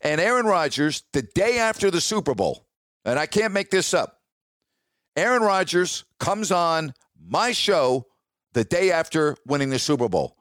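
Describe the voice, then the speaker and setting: Unhurried and very animated, a man with a slightly high, somewhat bright voice hosts a radio show. Telling a casual story in a chatty, emphatic style, he keeps asking listeners "all right?", captured in a dry, clean studio recording.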